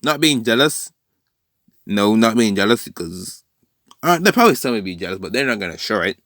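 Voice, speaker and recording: A man casually improvising a fan-fiction story aloud, rambling and correcting himself with lots of fillers, now and then dropping into quick character quotes. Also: lowish voice, sing-song, fairly bright tone, no room sound, studio quality.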